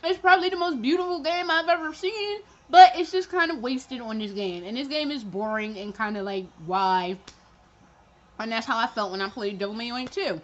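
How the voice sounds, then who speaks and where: A woman's voice: fairly high pitch, normal speed, highs cut off. A woman vlogging about video games in casual chat, candid and sarcastic, swearing and laughing as she acts out her own reactions. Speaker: gaming vlogger.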